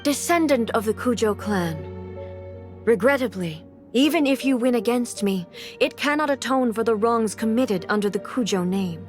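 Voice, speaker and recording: An imperious ruler, voiced by a woman, speaks with cold, formal command in a game scene. Her voice sits slightly high and every word is measured. Faint game music plays behind her. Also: animated, lightly acted.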